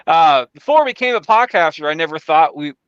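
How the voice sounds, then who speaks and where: A man hosts a podcast in loose, rambling chat full of fillers. His voice is bright and crisp, and the sound is dry. The recording is slightly dull and lo-fi. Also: fairly high pitch, animated, brisk, no echo. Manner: rambling, many fillers and restarts. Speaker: podcast host. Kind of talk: casual chat.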